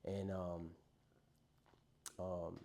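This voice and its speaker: A man's voice: low-pitched, little pitch movement, extremely slow, mellow. A young man candidly telling his story of addiction and loss to a recovery group, speaking in a conversational, profane way.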